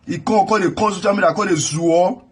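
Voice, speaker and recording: A man's voice: high voice, a little fast, a crowd in the background. A man with a Nigerian accent ranting indignantly and scolding, repeating himself as he reacts to a video. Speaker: commentator. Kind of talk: angry reaction rant.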